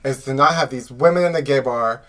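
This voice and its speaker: A man's voice: medium pitch, brisk, a bit bright. Sassy, campy man in a closet studio. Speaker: podcast co-host. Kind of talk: casual comedic chat.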